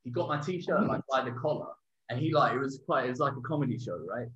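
A man telling a story in casual chat, animated and swearing, acting out what people said. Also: mid-range voice, quick pace. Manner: animated, swearing, acts out quotes loudly. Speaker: podcast co-host. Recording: dull lo-fi sound.

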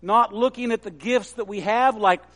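A man preaching a sermon in a measured way and quoting scripture with emphasis. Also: high-pitched, a bit bright, in a large hall. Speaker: pastor.

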